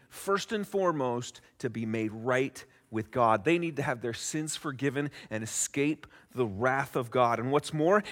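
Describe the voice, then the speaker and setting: A male pastor delivers a sermon as a story, with dramatic pauses. His pitch is mid-range and swings widely for emphasis. The voice carries long reverb through a church sanctuary. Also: a bit bright.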